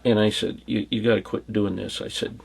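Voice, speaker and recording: A man's voice: on the low side, level tone, a little fast, creaky, slight background noise. A middle-aged man from the United States, a former bodyguard, answering questions in a rambling, anecdotal way and chuckling through his stories. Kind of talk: casual storytelling interview.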